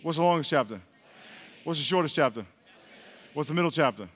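High-voiced preacher quizzing his congregation. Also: expressive, brisk, a bit bright. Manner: repeats questions, quizzes the crowd, laughs often. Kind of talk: call-and-response Bible teaching. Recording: long hall reverb.

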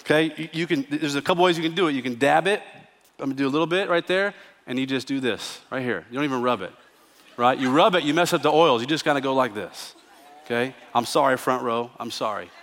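A man preaching a sermon as pastor, telling stories with humor and moving between hushed reflection and emphatic declarations. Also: medium pitch, fast. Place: church sanctuary. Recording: church sanctuary with long reverb.

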